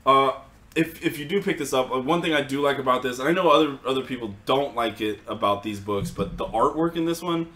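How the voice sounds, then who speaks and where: A man chatting casually, recapping a comic in a loose, rambling way full of fillers and quick laughs. His voice sits at an ordinary pitch and carries a noticeable room echo. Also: sharp tone. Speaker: podcast host recapping a comic. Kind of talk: casual chat.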